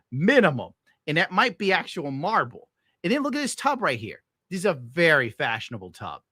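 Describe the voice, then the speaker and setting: Bright-voiced man ranting with crude swearing. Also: mid-range voice, no room sound, studio quality. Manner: bitter, crude, heavy swearing. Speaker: streamer reacting to clips. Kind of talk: casual ranting commentary.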